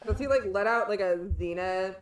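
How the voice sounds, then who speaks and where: A woman's voice: medium pitch, brisk, distant mic. A woman playing in a tabletop game, chatting in a playful way. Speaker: player. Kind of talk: casual tabletop play. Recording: roomy audio from away from the mic.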